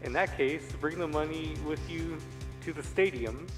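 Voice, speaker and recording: Figure: a man reading as a taunting masked kidnapper, low and hushed. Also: moderate pace, over music, lightly acted. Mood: menacing. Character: menacing disguised kidnapper, voice-altered.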